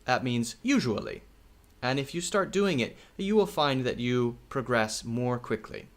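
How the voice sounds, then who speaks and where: A man teaching English in a recorded video lesson, speaking slowly and repeating key words, often checking in with "okay?". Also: mid-range voice, expressive. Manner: slow, repetitive, checks in with "okay?".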